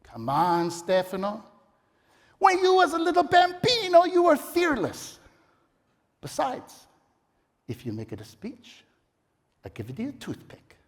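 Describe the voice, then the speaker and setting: A man voicing his mother in her sixties, coaxing gently in broken English. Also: very high-pitched, wildly swooping pitch, a little slow, pauses often, long reverb tail, voice pushed up, heavily acted. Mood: tender.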